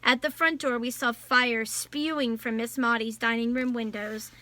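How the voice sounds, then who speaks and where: A woman reading a novel aloud in a measured storytelling voice. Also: on the high side, fairly even intonation, bright, forceful tone. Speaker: audiobook narrator. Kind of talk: scripted novel narration.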